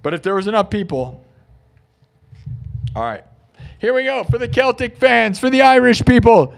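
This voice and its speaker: A man chatting casually on a live music stream, rambling and joking, with sudden bursts of hyped shouting. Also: very high-pitched, animated, moderate pace, vocal fry. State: hand sore from playing. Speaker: livestreaming musician. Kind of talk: casual livestream chat between live music loops.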